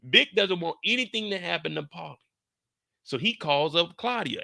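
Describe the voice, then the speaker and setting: Male recap host, loose and cussing, jokes to the audience; forceful bright tone, dead-dry sound. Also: sits high, lively intonation, normal speed, gravelly, dry recording. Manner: profane, joking, addresses viewers directly. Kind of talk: casual episode recap commentary.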